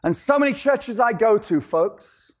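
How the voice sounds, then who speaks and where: A man's voice: very high voice, lively intonation, unhurried. A male pastor preaching a sermon, firing off rhetorical questions and repeating key lines for emphasis.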